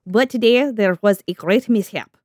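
A woman reading out a detached Russian emperor's diary in a mock Russian accent, flatly and with stops. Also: mid-range voice, normal speed, no room sound, clean studio sound, lightly acted. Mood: deadpan reading. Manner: flat reading that keeps breaking off.

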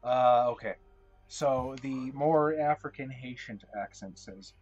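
A man narrating as storyteller of a tabletop game, self-deprecating and hesitant, often pausing on fillers. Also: medium pitch, darkish tone, faint music behind.

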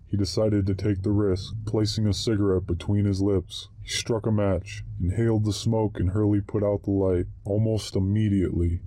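A man reading a short story aloud in a slow, measured narration. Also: on the low side, dark tone, no echo.

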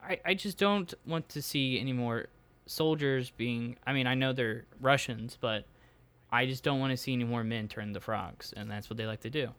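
A young man improvising as an aggrieved male Latvian spokesman, rambling with halting fillers. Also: mid-range voice, fairly bright tone, smooth, natural voice. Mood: complaining. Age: young adult. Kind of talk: improvised comedy role-play.

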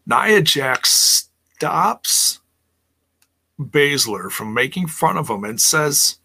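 Sounding fed up, a man goes over a wrestling show on his live stream, talking with viewers and reading their chat messages out loud. He speaks slowly and expressively at medium pitch, with a sharp tone.

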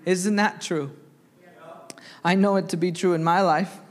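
Young guy preaching, reads scripture and asks the room questions, high voice, church reverb. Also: steady tone, measured pace. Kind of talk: sermon. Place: church sanctuary.

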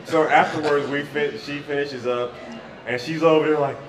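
Male podcast co-host, animated laughing storyteller; off mic in an echoey space with a crowd behind. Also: on the high side, moderate pace, recorded from a distance. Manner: animated, laughing storyteller acting out quoted dialogue. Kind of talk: casual storytelling chat.

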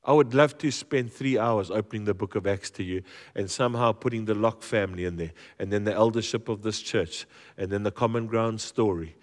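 A low-pitched man delivers a sermon in a church, telling stories with humor and an animated, stop-start flow full of repeated words. His voice rings out with the long reverb of a large hall. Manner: lively, joking storyteller with many repeated words. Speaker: guest preacher. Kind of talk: storytelling sermon.

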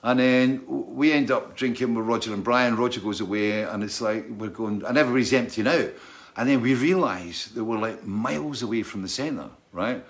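A man's voice: mid-range voice, moderate pace. A man who is a touring musician, telling a casual, rambling anecdote, keeps checking in with "right?" and laughing.

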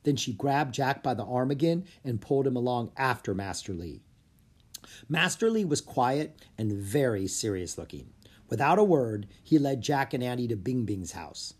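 A narrator reading a children's chapter book aloud with expressive storytelling. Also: mid-range voice, slightly rough. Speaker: audiobook narrator.

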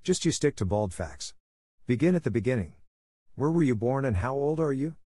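A man's voice: mid-range voice, expressive, moderate pace, warm tone, dry recording, studio quality, voice pushed up, natural voice. Man reading stern blunt older woman, curt, moralizing, storybook audiobook.

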